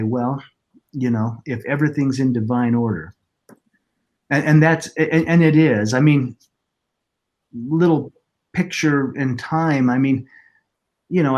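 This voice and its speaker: Middle-aged male guest, earnest and reflective, halting delivery, mid-pitched voice. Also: a little mellow. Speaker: podcast guest, author. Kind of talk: personal storytelling in interview.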